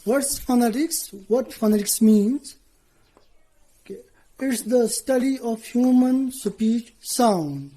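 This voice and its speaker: A woman teacher giving a lesson to students, speaking deliberately, spelling out letters and often checking in with "okay". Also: fairly high pitch, dark tone, poor audio.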